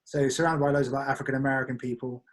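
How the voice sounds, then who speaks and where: A man's voice: mid-range voice, flat delivery, racing. A young man in his twenties, a magician guest on a podcast, chatting casually with lots of "like" fillers. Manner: rambling, many "like" fillers, laughs easily.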